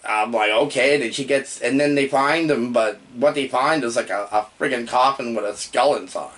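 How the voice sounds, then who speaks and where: A man's voice: medium pitch, moderate pace, fairly bright tone. A man rambling through a comedic horror movie review in the persona of a demon host, prone to yelps and outbursts. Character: male demon posing as human host.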